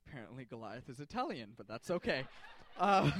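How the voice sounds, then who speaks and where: A man's voice: mid-range voice, big pitch swings, brisk, fairly bright tone. A man in a casual, jokey storytelling sermon, talking to a group with slang and fillers.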